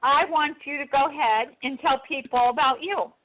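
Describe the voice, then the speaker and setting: A woman hosting a radio show, talking in a soft, hesitant way with many fillers. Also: sits high, normal speed. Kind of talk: casual radio talk. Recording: dry, tinny phone line.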